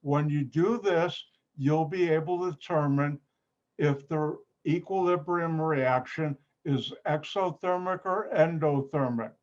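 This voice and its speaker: A man teaching an online chemistry lab, unhurried and breaking his sentences up with pauses. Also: fairly high pitch. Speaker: chemistry instructor. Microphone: computer mic on a video call. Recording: dull, muffled video-call audio.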